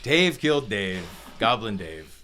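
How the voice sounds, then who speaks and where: A man's voice: fairly low pitch, big pitch swings, a little slow, sharp tone, slight background noise. A man running a tabletop game as dungeon master, narrating in a laid-back, joking way.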